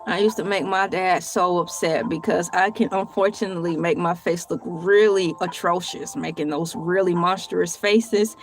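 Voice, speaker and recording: A woman's voice: lowish voice, fairly even intonation, moderate pace, few pauses, faint music behind. A woman vlogging on her own, reading aloud and joking with viewers in a playful, theatrical way, laughing often. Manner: colloquial, addresses viewers as y'all. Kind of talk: casual solo vlog, reading aloud and joking.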